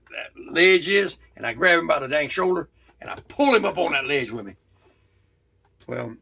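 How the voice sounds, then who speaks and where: A man telling a true story in a casual, folksy way, with halting restarts. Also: mid-range voice, vocal fry, bright, forceful tone, breathy edge.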